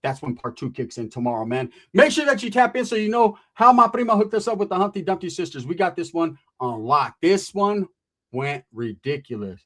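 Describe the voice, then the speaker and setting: A man with a high voice tells a comedic story at a fairly quick clip. He's profane, slangy and animated, acting out the voices of the people in his tale.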